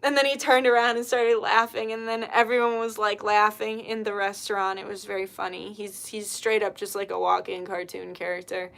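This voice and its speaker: A woman's voice: medium pitch, level tone, normal speed, creaky, hardly any pauses, a bit bright. A woman hosting a casual livestream, chatting, telling stories with laughs and reading comments, blunt when annoyed. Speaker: spiritual healer and livestream host.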